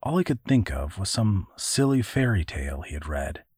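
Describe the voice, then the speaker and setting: A man narrating an adventure story in a measured, even audiobook reading. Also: low voice, husky, dry recording, studio quality.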